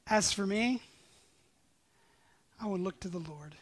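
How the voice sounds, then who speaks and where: A man preaching a sermon as pastor, reading scripture with passion and moving between loud emphatic lines and hushed near-whispers. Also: high voice, takes it slowly. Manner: reads scripture aloud with passion.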